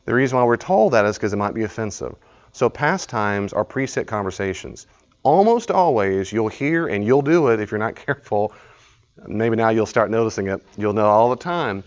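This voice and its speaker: A man with a low voice leads a study group in an easy, informal way. He tells stories, acts out conversations and often laughs. The live recording is dull and lo-fi. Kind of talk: informal teaching talk.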